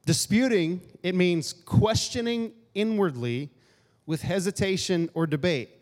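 A man's voice: high voice, unhurried, a little mellow. A man preaching a casual, joking sermon and acting out grumbling asides in a church hall. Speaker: pastor. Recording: long hall reverb.

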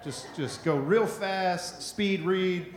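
A male pastor with a high voice delivers a sermon in a relaxed, conversational way. He keeps checking in with the congregation with "right?". The sound is roomy and echoey. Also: takes it slowly. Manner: conversational, repetitive, asks "right?" often.

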